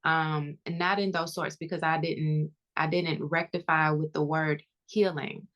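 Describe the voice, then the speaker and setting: A woman's voice: deep voice, flat delivery, measured pace, a bit bright, lo-fi sound. A woman guest on a podcast, talking earnestly and reflectively about her family.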